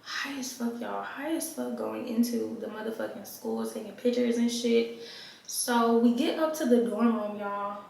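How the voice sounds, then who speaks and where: A young adult woman telling a casual storytime vlog to her viewers in an animated, profane way. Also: on the high side, unhurried, gravelly. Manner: animated, profane, keeps addressing viewers as y'all. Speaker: vlogger. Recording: very echoey room.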